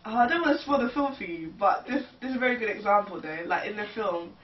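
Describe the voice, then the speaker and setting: A woman's voice: mid-range voice, lively intonation, fast, highs cut off, a crowd in the background. A young woman chatting as a panel guest in a casual group talk, filling her speech with "like". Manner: chatty, fills with "like". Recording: echoey room, far from mic.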